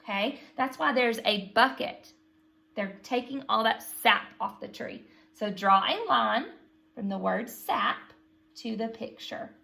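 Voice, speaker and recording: A woman teaching a phonics lesson to young children, patient and slow, prompting them to repeat sounds after her. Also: fairly high pitch, creaky, pushed and bright.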